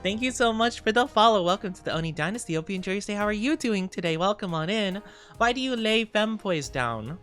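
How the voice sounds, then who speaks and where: A woman's voice: medium pitch, animated, fairly bright tone, faint music behind. A young woman streaming and chatting casually with her live viewers, playful and bubbly, a little sleepy. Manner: playful, bubbly, quick to thank and tease back. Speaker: VTuber streamer.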